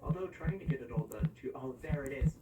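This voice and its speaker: A man's voice: medium pitch, quick pace, distant mic, crowd noise, rough recording. A man chatting casually as he edits a video, rambling and correcting himself and humming to himself. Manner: rambling and self-correcting, hums and sings to himself. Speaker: YouTube creator editing a video. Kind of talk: casual running commentary.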